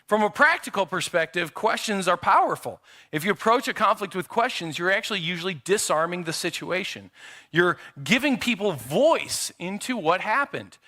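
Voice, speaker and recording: A man's voice: sits high, lively intonation, normal speed, sharp tone. A middle-aged man preaching a sermon in a church, conversational and acting out quotes from his children. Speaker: pastor. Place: church sanctuary.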